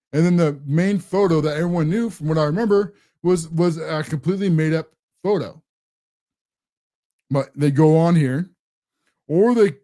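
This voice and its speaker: A man's voice: a little high, mellow. A man hosting a political commentary show, ranting in a combative, sarcastic way. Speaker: host.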